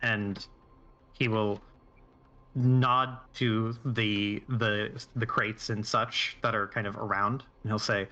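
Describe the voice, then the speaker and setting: A man's voice: lowish voice, little pitch movement, takes it slowly, sharp tone, muffled recording. A man playing a tabletop game, describing his character's actions in a loose, rambling way. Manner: rambling, with many fillers and restarts. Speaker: player.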